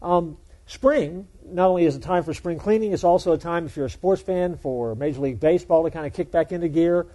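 Warm, folksy male pastor preaching. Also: fairly high pitch, a little fast, few pauses. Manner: conversational, folksy, joking with the congregation. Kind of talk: sermon.

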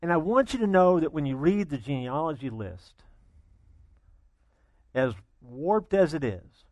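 A male pastor telling a story from the pulpit, swinging between quiet asides and loud bursts. His voice sits fairly high and moves a great deal. The sound is dry and close, with little room around it. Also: very animated, measured pace, no room sound. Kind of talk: sermon with storytelling.

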